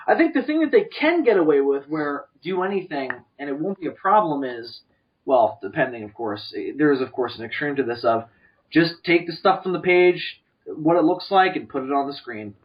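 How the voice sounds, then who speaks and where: A man co-hosting a podcast, rambling through animated opinions with lots of restarts. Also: a little high, moderate pace. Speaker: podcast co-host. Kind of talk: casual chat. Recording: distant, dull lo-fi podcast mic.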